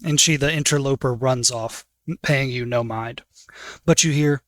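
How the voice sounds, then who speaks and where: A man's voice: medium pitch, moderate pace, fairly bright tone, no echo. A man running a tabletop game as game master, narrating scenes in a casual, descriptive way.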